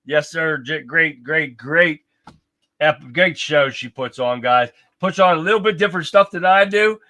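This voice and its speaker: A man's voice: fairly high pitch, a little slow, sharp tone. A man in his fifties hosting a live-stream podcast, chatting casually and greeting viewers one by one. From United States. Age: 50s. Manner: upbeat, chatty, calls out to viewers. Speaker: livestream podcast host.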